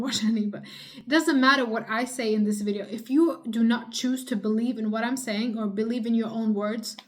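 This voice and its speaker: A woman vlogger giving earnest advice straight to her viewers, pleading and repeating herself, at times rising to loud urgency. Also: fairly high pitch. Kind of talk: direct-to-camera advice talk.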